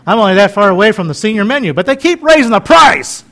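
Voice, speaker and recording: Folksy high-voiced preacher in his fifties. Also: very animated, quick pace, bright, forceful tone. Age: 50s. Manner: chatty, joking, rambling asides. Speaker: pastor. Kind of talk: folksy conversational sermon.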